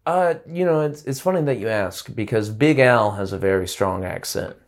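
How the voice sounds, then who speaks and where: A man with a somewhat low voice chats casually as a guest musician. He rambles, restarting sentences and leaning on fillers as he thinks aloud. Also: lively intonation, moderate pace. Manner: loose and rambling, full of "like" and restarts. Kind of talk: casual interview chat.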